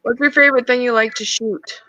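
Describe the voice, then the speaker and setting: A woman's voice: fairly high pitch, steady tone, brisk, pushed and bright, no room sound, dull audio. A woman in a casual chat, talkative and telling stories with little quoted voices.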